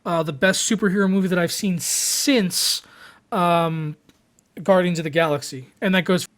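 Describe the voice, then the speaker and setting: Higher-voiced young man hosting a stream. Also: steady tone, moderate pace, a bit bright. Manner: opinionated, talks to chat viewers. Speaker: host of a gaming stream. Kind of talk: casual live-stream chat.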